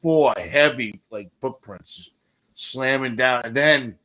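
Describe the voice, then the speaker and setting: A man chiming in on a podcast, with a bright tone at a middle pitch. He speaks in short, excited fragments as he describes the commotion. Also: takes it slowly. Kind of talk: casual podcast chat.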